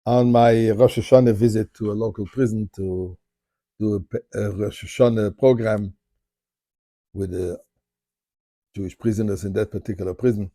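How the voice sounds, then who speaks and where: A man, a rabbi, telling a personal story in an animated way, rattling off Hebrew prayer quickly in places. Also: fairly low pitch, no echo, studio quality. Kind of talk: spoken storytelling. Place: Montreal.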